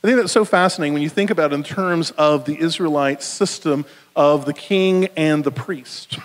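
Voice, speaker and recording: Animated high-voiced preacher in a reverberant hall. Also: male voice, normal speed. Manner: animated, conversational preaching with frequent "right?". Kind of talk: sermon.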